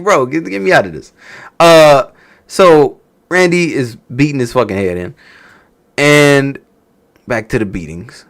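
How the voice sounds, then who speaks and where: A man casually reviewing a wrestling show, talking loosely and profanely as he tells stories and laughs along. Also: medium pitch. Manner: animated, profane, storytelling with laughs. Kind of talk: casual reaction chat.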